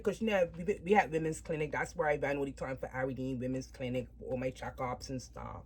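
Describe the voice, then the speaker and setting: A woman's voice: rumbling low, quick pace, hardly any pauses, husky. A woman casually telling her life story to camera, chatting with viewers and checking in with them often. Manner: animated retelling, voices shift up and down. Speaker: doll hobby vlogger.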